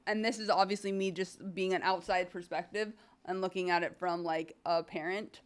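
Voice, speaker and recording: A woman co-hosting a podcast, calm, supportive and thoughtful. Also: fairly low pitch, moderate pace, clean tone. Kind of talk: casual chat.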